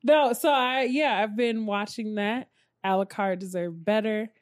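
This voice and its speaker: Woman, podcast co-host, casual chat, enthusiastic, slow pace, dry room. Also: medium pitch, dry recording. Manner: enthusiastic, chatty fan talk.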